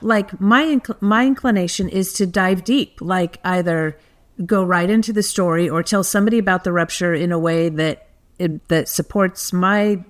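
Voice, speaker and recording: A woman's voice: on the low side, normal speed. A woman co-hosting a podcast, speaking in a thoughtful, responsive way in casual conversation. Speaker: podcast co-host.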